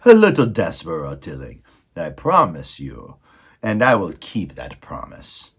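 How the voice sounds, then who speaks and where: Guy doing a sneaky storybook rat, smooth and wheedling, bit husky and lively. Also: low voice, unhurried, pitched below the performer's own voice, heavily acted. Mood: sly. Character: sly, silky male dungeon rat.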